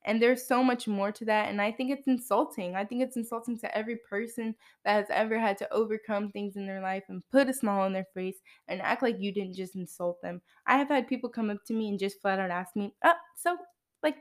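A young woman hosting her own podcast, talking straight to the listener in a loose, unscripted way. She is frank and plain-spoken, and drops in wry, dry asides. Her voice sits in an ordinary middle pitch for a woman. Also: fairly even intonation, fairly quick, few pauses. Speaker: podcast host. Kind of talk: casual monologue.

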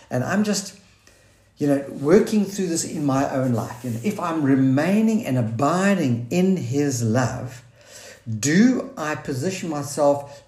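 A man's voice: mid-range voice, lively intonation, unhurried, darkish tone. A man preaching a sermon in an earnest, searching way, quoting scripture and restarting his thoughts. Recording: roomy echo.

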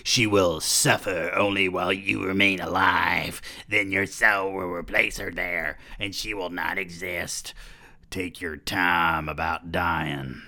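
Sneering male devil, menacing, slow drawn-out lines, low voice, man reading aloud. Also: fairly even intonation, pushed and bright, exaggerated voice.

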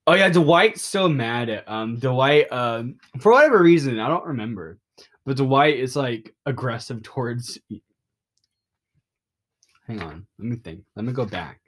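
Rambling, excitable young man. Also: medium pitch, unhurried. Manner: rambling and excitable, many fillers and restarts; openly emotional. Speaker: podcast host. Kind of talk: casual podcast recap of a comic.

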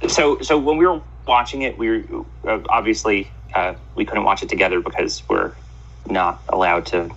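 A man co-hosting a casual chat, telling joking, animated stories over lo-fi remote audio. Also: lowish voice, normal speed, slightly rough. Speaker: podcast co-host.

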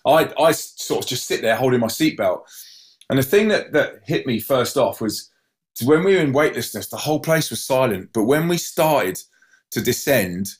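A man telling a personal story in an animated way, stumbling over restarts and acting out other people's cries. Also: normal speed. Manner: acts out voices with sudden high yelps; many restarts and repeated words.

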